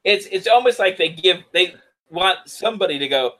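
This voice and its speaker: Wry man with a fairly high voice. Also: lively intonation, moderate pace, fairly bright tone, low-quality recording. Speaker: podcast co-host. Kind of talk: casual discussion.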